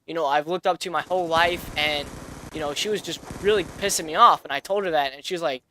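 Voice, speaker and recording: A man's voice: on the high side, quick pace, sharp tone, slight background noise. A man in his twenties telling a personal story in a casual vlog, rambling with many fillers and restarts. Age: 20s. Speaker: vlogger.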